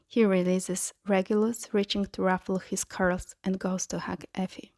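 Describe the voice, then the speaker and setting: A woman narrating a fan-fiction audiobook in a soft voice that often slips into a whisper. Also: on the low side, flat delivery, measured pace, gravelly, few pauses, dry recording, studio quality. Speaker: podfic reader.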